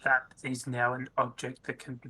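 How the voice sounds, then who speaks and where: A man's voice: medium pitch, completely flat delivery, moderate pace, pushed and bright, breathy edge. A man playing a tabletop game, thinking aloud with hesitant restarts. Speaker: player. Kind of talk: casual tabletop play.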